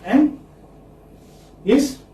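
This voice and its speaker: A man teaching English phonetics to a class in a lecture style, slowly repeating each word so the students can copy it. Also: dark tone, far from the mic. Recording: echoey classroom, speaker off-mic, faint noise.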